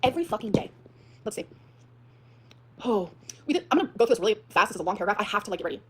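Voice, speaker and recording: Woman vlogger, fast and husky, dramatic sweary venting. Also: medium pitch, animated, fairly bright tone. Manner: dramatic, swearing, rapid ranting. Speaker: streamer in a clip being reacted to. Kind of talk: emotional ranting vlog.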